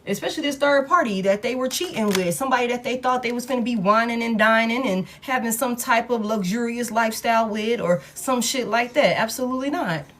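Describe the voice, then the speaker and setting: A woman's voice: fairly high pitch, brisk, hardly any pauses, a bit bright. Blunt, profane woman tarot reader. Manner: blunt, profane, emphatic repetition. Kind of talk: casual tarot reading monologue.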